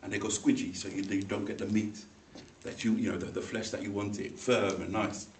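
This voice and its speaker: A man's voice: fairly low pitch, fairly quick. Man telling a story in an echoey room. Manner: animated, acts out voices in the story, laughs along. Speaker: speaker at a speaking club. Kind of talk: humorous personal storytelling speech. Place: meeting room. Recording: echoey room, mic far off, faint noise.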